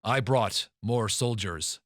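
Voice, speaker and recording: A man's voice: on the low side, slow, fairly bright tone, no echo, studio quality. A man voicing a stern, proud male Spartan commander who speaks in a commanding, mocking way.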